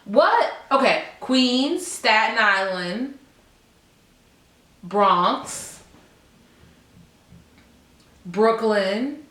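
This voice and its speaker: A woman's voice: on the high side, lively intonation, extremely slow, long pauses, a bit bright, echoey room. A woman from New Jersey co-hosting a podcast, giggly and playful in casual banter. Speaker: podcast co-host. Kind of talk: casual chat.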